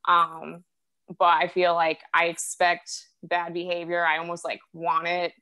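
A young woman from upstate New York doing a stand-up set, telling stories and jumping into a louder, higher voice to act out her mother. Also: completely flat delivery, a little slow, clean tone. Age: 20s. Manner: mimics her mother in a loud, higher, exaggerated voice. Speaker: stand-up comic.

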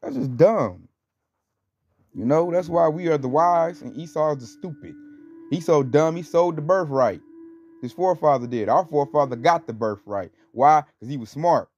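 A man's voice: on the high side, lively intonation, normal speed, a little mellow, slight background noise. Man, informal preacher, rambling, scornful, lots of fillers, dull lo-fi audio. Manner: rambling, conversational, full of fillers; scornful and emphatic. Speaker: religious teacher. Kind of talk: informal religious commentary. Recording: dull lo-fi recording with faint music.

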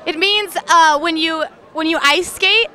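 A woman's voice: very high-pitched, a little slow, bright, forceful tone, a faint crowd. A woman hosting a playful street interview, teasing passers-by with a word quiz. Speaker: host. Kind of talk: street vox-pop interviewing.

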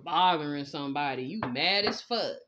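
A woman's voice: low voice, expressive, normal speed, noisy background. A woman giving a blunt, profane tarot reading, scolding and laughing as she talks. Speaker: tarot reader. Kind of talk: casual spoken tarot reading. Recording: slightly dull lo-fi sound.

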